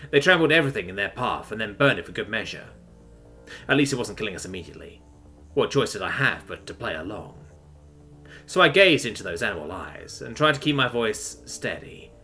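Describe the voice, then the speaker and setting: A man's voice: lowish voice, sing-song, fairly quick, pushed and bright, soft background music. A man narrating a sci-fi story in a tense, dramatic reading.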